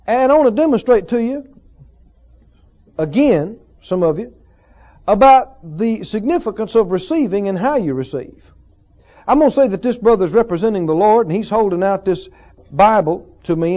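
A man's voice: high voice, darkish tone, lo-fi sound. A man preaching a sermon to his congregation, teaching earnestly with repeated phrases and rhetorical questions. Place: church service with a congregation.

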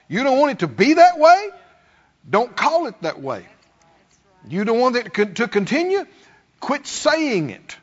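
A man preaching a sermon as pastor, calling out to the congregation and acting out complaining voices. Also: very high-pitched. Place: church sanctuary. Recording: dull sound, long hall reverb.

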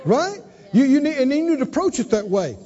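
A male preacher delivering an emphatic sermon, calling out to the congregation and swinging between soft and loud. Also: very animated, a little fast. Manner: emphatic, call-and-response, dramatic swings in pitch and volume. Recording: dull recording with long hall reverb.

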